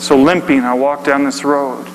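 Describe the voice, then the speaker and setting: Dramatic preacher in an echoing hall. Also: male voice, mid-range voice, fairly even intonation, normal speed. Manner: swings between hushed and shouted. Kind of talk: dramatic storytelling sermon. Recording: long hall reverb, faint hum.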